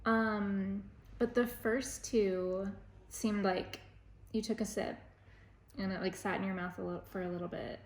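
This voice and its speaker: A young woman chatting casually as a travel companion, relaxed and a bit hesitant, searching for words. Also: mid-range voice, unhurried, roomy sound. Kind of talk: casual chat.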